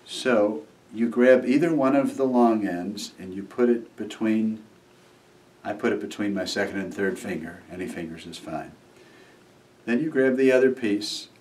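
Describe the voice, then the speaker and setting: A man, a magician, casually explaining a trick step by step while showing it, and now and then acting out what the kids shout back. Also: lowish voice, far from the mic. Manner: relaxed, acts out the kids' replies while demonstrating.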